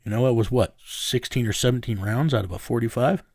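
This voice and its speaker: A man's voice: mid-range voice, fairly quick, vocal fry, a little mellow, no room sound, clean studio sound. A man in an interview, bluntly recounting a tense story in a matter-of-fact way. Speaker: interview subject recounting events.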